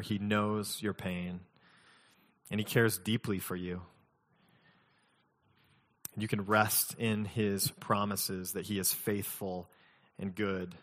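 Male pastor, low voice, relaxed conversational preaching with light humor, long hall reverb. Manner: conversational, mixes scripture reading with humorous personal stories. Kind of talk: sermon.

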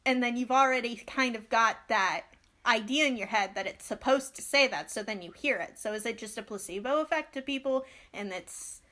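Young woman on a podcast, high voice, gets heated and rants fast. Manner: animated, ranting, quick asides. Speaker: podcast co-host. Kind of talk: casual chat.

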